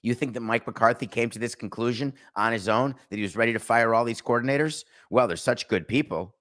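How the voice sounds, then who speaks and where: A man's voice: mid-range voice, steady tone, fast talker, fairly bright tone. A middle-aged man hosting a sports podcast, giving casual, sarcastic commentary and slipping into mock voices.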